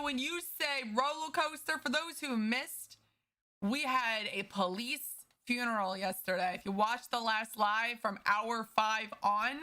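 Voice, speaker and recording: A woman's voice: fairly high pitch, bright, forceful tone. A woman streaming a game, chatting casually and upbeat with her viewers at a desk mic. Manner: chatty and upbeat, quick bursts with laughs.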